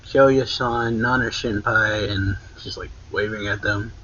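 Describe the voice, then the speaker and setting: A man with a lowish, husky voice and a sharp, forceful edge, casually retelling a comic chapter. He rambles, stacking fillers and correcting himself as he goes. The recording sounds dull and lo-fi. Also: fairly even intonation, a little slow. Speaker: anime reaction channel host. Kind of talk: casual manga chapter recap.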